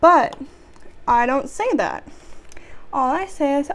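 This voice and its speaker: A woman's voice: high voice, animated, slow pace, a bit bright. A young woman vlogger telling work stories in a casual chat, sarcastic and exasperated, with sighs.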